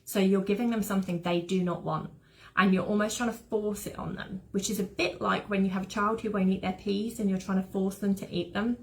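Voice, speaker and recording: A woman's voice: mid-range voice, fairly even intonation, brisk, creaky, a little mellow. A woman who trains dogs, giving an informal, rambling online talk full of anecdotes. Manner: chatty, rambling, fond of anecdotes. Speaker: dog behaviour trainer.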